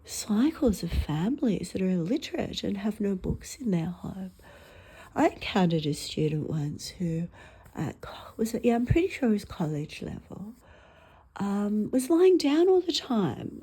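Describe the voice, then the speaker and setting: A middle-aged woman with an Australian accent does stand-up, telling rambling stories and swearing freely, swinging between loud outbursts and murmured asides. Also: medium pitch, big pitch swings, measured pace, slightly rough. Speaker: stand-up comic. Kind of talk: stand-up storytelling.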